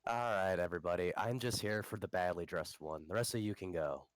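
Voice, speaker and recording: A man playing a tabletop game, turning gruff and threatening when he speaks in character. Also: low voice, a little fast, no room sound, studio quality. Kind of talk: casual in-character play.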